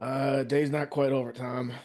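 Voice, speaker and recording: A man playing a character in a tabletop game, earnest and a little halting. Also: medium pitch, little pitch movement, darkish tone, faint music behind. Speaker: player. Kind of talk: in-character tabletop role-play.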